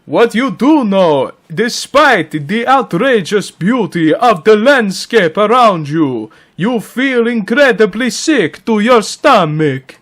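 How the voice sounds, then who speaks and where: A man hamming up a booming Count Dracula voice. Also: animated, a bit bright, heavily acted. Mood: theatrical. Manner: booming, drawn-out theatrical delivery. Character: theatrical Dracula, male vampire count, pompous and grand.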